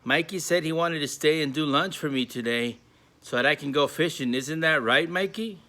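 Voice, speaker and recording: A man's voice: on the high side, moderate pace, sharp tone, pitched above the performer's own voice. A man voicing a sly young girl who bosses her brother, telling a story to a school.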